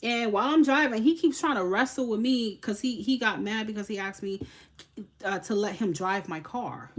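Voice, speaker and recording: A young woman of Haitian background hosting a tarot live stream, telling a story in a casual, animated way with lots of swearing and laughter. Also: mid-range voice, normal speed.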